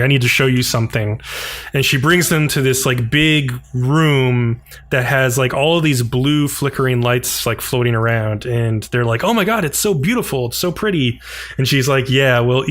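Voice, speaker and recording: A man co-hosting a podcast, casually recapping an episode and briefly acting out the characters' lines. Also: mid-range voice. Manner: animated retelling, frequent "like", acts out characters' lines. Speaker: podcast co-host.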